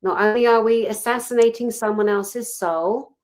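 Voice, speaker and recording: A woman co-hosting a casual chat, speaking in a passionate, outspoken, animated storytelling manner. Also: on the high side, normal speed. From Britain. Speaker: co-host.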